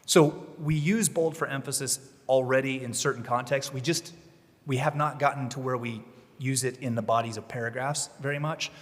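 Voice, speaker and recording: A man speaking at a conference, giving writing advice in a relaxed, explanatory way with the odd emphatic push. His voice sits at an ordinary middle pitch. The sound carries a long reverb from the hall. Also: normal speed. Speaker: legal writing presenter. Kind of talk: conference talk. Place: conference room.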